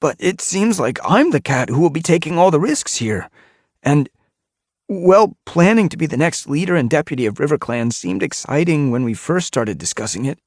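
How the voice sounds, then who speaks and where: A man playing a nervous young tom cat in an audiobook who stammers and frets. The voice rides high and strained, with lively pitch swings and a husky edge. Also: normal speed, no echo, clean studio sound. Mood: uneasy. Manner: stammering, anxious.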